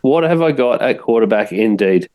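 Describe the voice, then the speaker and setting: Australian male guest, deliberate casual sports talker. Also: mid-range voice, expressive, warm tone. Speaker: podcast guest.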